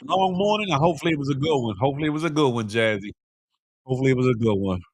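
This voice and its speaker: Talking at a racing clip, this middle-aged man has a medium-pitched voice with a breathy edge. He's hosting a morning livestream, reading viewer comments aloud in slangy, easygoing banter and laughing often, with no room sound in the recording.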